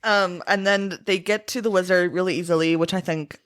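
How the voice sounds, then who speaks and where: Young woman, guest, lower voice, casual chat, dramatic asides. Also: steady tone, brisk, fairly bright tone. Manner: chatty, dramatic asides, frequent likes. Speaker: podcast guest.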